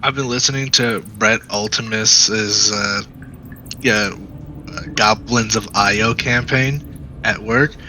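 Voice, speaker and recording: A man's voice: lowish voice, steady tone, takes it slowly, bright, forceful tone, slight background noise, poor audio. A young man chatting casually with fellow tabletop players, rambling with fillers and laughing often. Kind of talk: casual chat among players.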